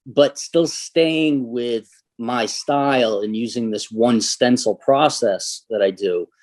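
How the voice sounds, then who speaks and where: A man's voice: medium pitch, a little mellow. A man from Massachusetts, a guest artist, answers interview questions in a reflective, hesitant way with many fillers. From New Bedford, Massachusetts.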